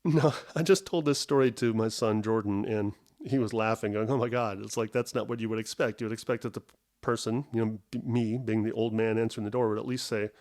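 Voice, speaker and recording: A man's voice: fairly low pitch, fairly even intonation, a little fast, darkish tone. A middle-aged man hosting a solo podcast from home, telling a story in a rambling, self-interrupting, wry and self-mocking way. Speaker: podcast host.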